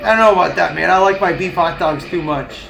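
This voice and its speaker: A man's voice: high voice, fairly quick, gravelly, a bit bright, faint music behind, rough recording. A man on a live stream, chatting casually and ranting with heavy swearing and frequent laughs. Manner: profane, ranting, laughs often. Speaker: livestreamer.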